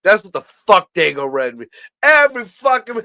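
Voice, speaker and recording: A man ranting and joking in casual profane chat, crude and animated, with lots of swearing. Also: high voice, moderate pace, no room sound. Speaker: podcast co-host.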